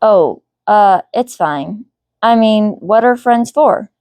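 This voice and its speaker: A woman's voice: mid-range voice, animated, slow, darkish tone, no echo, pitched above the performer's own voice. A shy, flustered teenage boy stumbles over his words, as a woman reads him aloud. The storybook reading is close and dry.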